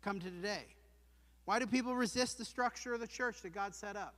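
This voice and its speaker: High-voiced guy preaching a sermon, bright sharp tone, echo of a big church hall. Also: a little fast. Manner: earnest, emphatic, with rhetorical questions. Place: church sanctuary. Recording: long hall reverb.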